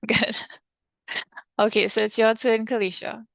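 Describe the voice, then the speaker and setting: Gravelly woman teaching a class. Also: on the high side, little pitch movement, measured pace, fairly bright tone, dry recording. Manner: encouraging, switches between English and French. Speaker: French teacher. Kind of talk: online class instruction.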